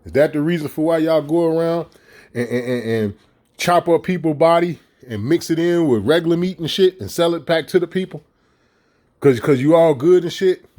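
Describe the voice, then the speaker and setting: A middle-aged man with a slightly high voice rants in a loose, profane vlog. He mocks and fires off rhetorical questions, heated and blunt. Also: darkish tone. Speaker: vlogger. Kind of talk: casual ranting commentary.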